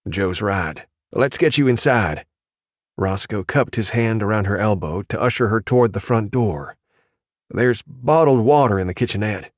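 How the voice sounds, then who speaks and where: Narrator doing a grim cop, clipped and commanding, lowish voice, dry. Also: male voice, lively intonation, normal speed, no echo, close to an everyday voice. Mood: steady. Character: tough, terse male tactical police officer. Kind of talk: audiobook dialogue.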